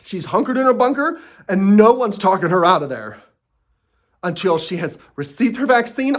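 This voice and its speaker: Animated, swearing man ranting at home. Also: high voice, normal speed. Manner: angry, profane and sarcastic; talks to himself and breaks off mid-thought. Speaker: comedic rant host. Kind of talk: ranting comedy monologue.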